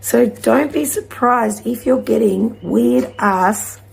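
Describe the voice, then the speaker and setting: A woman giving a gentle, encouraging spiritual card reading to her viewers, rambling at times. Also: fairly high pitch, slow, vocal fry. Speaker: intuitive card reader.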